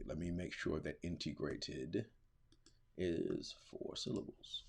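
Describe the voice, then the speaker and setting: A low-pitched man guiding a classroom tutorial, talking casually and thinking aloud as he goes. His voice sits deep. He is middle-aged and teaching. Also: slow pace, gravelly, a little mellow, a little hiss or hum. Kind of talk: screen-recorded classroom tutorial.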